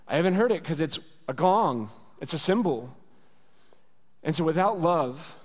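A man's voice: fairly high pitch, lively intonation, unhurried. Earnest male pastor in a reverberant hall. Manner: earnest, conversational preaching with rhetorical repetition. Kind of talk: sermon. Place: church sanctuary.

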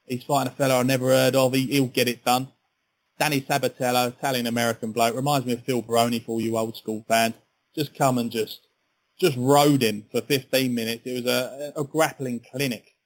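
A man's voice: mid-range voice, a little fast, rough recording. Chatty man talking sport. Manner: chatty, animated, repeats words. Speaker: podcast co-host. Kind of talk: casual sports chat.

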